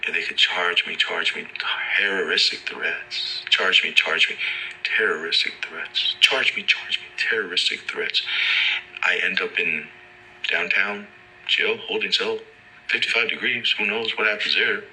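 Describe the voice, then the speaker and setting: A man's voice: low-pitched, fairly even intonation, a little slow, bright, forceful tone, rough recording. An angry man telling a story in a heated, profane rant, repeating himself and acting out the other voices. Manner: heated, profane, repetitive, acts out dialogue. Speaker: storyteller recounting police encounter. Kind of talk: angry monologue.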